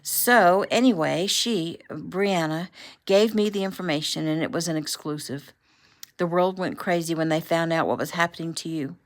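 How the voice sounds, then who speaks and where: A woman voicing an excitable, emotional woman journalist who squeals and gushes as she talks. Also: fairly low pitch, moderate pace, natural voice. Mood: gushing.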